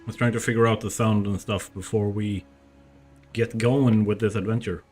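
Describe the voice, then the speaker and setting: A man with a fairly low voice chats loosely with his stream audience, rambling as he fiddles with his desk mic at home. Soft music plays faintly underneath. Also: steady tone, moderate pace. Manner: chatty, rambling while testing his mic. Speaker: game streamer. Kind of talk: casual live-stream chat. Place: room at home. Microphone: desk mic, moved around while talking.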